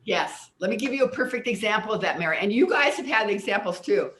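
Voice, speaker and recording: A woman's voice: medium pitch, expressive, fast, a bit bright. Older woman telling stories, roomy echo. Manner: earnest, repeats words while recalling. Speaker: guest, personal development teacher. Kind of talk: explanatory storytelling in an interview.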